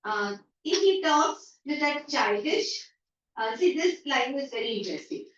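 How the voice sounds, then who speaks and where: A woman's voice: high voice, expressive, measured pace, a bit bright. A woman teacher with an Indian English accent, explaining a story in an online class by paraphrasing lines and acting out everyday remarks. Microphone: video call. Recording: echoey, distant, dull online-call audio.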